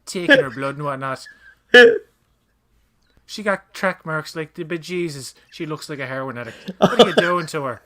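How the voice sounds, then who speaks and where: A man putting on a frantic shouting brother. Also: a little high, moderate pace, pitched above the performer's own voice, natural voice. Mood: frantic outrage. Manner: shouting, indignant rant. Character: frantic loud man pulling his sister from hospital.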